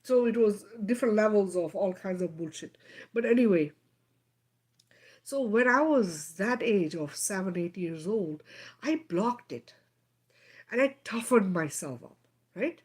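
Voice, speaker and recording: A woman's voice: mid-range voice, animated, unhurried, pauses often, a little mellow, husky. A middle-aged woman hosting a live stream, telling a personal story emphatically and often checking in with her listeners. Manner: emphatic, keeps checking in with "right?" and "okay?".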